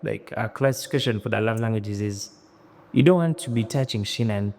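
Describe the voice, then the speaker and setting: Brief: male podcast co-host, low mellow voice, explains with examples and restarts. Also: fairly quick. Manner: explanatory, hesitant, restarts while laying out examples. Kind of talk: casual podcast chat.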